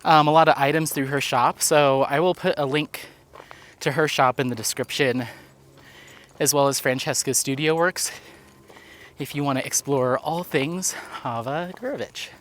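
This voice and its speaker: A man's voice: on the high side, fairly even intonation, normal speed, fairly bright tone. Chatty winded man on a walk. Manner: chatty, rambling, filler-heavy. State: out of breath. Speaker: vlogger. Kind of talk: casual chat while walking. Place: outdoors on a walk.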